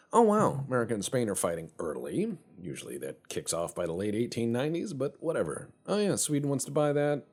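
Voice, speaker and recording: A man's voice: lowish voice, darkish tone, slightly rough. A man hosting a let's play, rambling in casual, profane, joking gameplay commentary.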